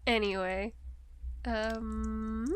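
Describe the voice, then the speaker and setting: A woman's voice: a little high, sing-song, extremely slow. A young woman streaming live, chatting casually with her viewers, giggling often and teasing them playfully.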